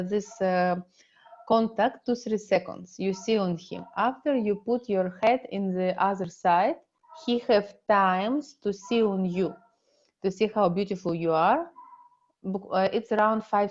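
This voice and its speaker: Russian-accented woman, middle-aged, relationship coach; halting non-native English, unhurried delivery, a bit dull-sounding webinar recording. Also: medium pitch, a little mellow. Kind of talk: online seminar teaching.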